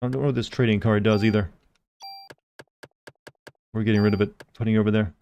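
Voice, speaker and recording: Mellow-voiced man streaming a game. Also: lowish voice, fairly even intonation, fast, lo-fi sound, slight background noise. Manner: chatty, rambling, reads chat aloud. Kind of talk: casual live-stream commentary.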